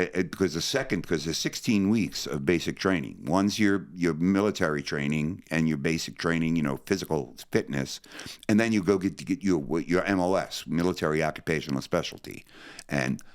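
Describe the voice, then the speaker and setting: An older man from New Jersey telling his story as an interview guest, acting out the voices of the people in it. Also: low-pitched. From New Jersey, USA. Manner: animated, acts out other people's voices. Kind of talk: storytelling in conversation.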